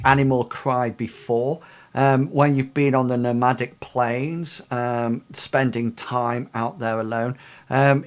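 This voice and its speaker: Male game master, narrates a fantasy tabletop session, halting and rambling delivery. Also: medium pitch. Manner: rambling, many ums and sort-of-likes.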